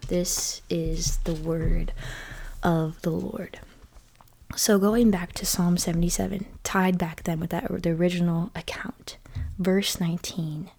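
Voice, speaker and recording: Woman, devotional speaker, low gravelly voice, casual with whispery reading. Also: flat delivery. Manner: soft, often whispery and slow on key phrases.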